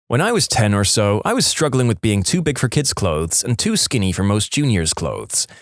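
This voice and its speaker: A man narrating online stories aloud with a playful, expressive storytelling manner, acting out the quoted lines. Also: on the low side, moderate pace, no echo, clean studio sound.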